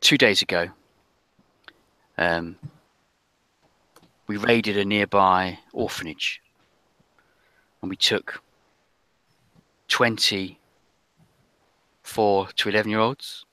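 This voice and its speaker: A man voicing a frightened little French girl with a put-on French accent, pleading in a hushed, urgent way. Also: fairly low pitch, fairly even intonation, slow pace, pauses often, no echo.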